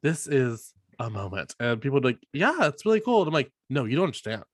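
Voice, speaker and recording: A man co-hosting a podcast in casual chat, animated and swearing, often quoting himself in high mock voices. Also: fast talker, no room sound, studio quality. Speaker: podcast co-host.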